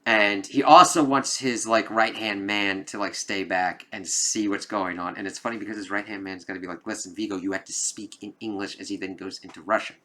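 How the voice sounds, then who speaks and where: A man's voice: fairly low pitch, steady tone, a little fast, few pauses, sharp tone. A man giving a casual spoken film review, rambling with lots of "like"s and frequent swearing.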